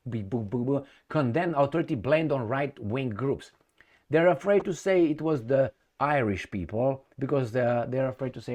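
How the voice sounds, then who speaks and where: A man's voice: medium pitch, expressive, moderate pace. A man giving a rambling, opinionated commentary on news articles, often restarting and breaking into raised, emphatic bursts. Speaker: political commentator.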